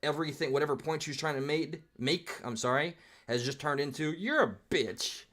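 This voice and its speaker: A man's voice: on the high side, fairly even intonation, a little fast, fairly bright tone. A male streamer giving live commentary on a clip in a rambling, reflective style, with casual swearing.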